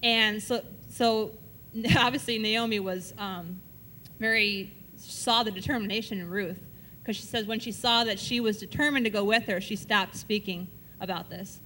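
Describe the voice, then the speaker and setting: A woman's voice: medium pitch, fairly even intonation, normal speed, bright, forceful tone, slight background noise. A woman leading a Bible study, reading verses aloud and explaining them in a casual, conversational way, often checking in with her listeners. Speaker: Bible teacher.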